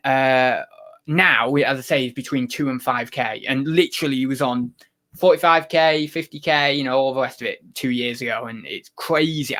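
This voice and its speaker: A man's voice: mid-range voice, fairly bright tone. A man hosting a casual livestream, chatting loosely and reading viewer comments, rambling with many fillers and restarts. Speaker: livestream host.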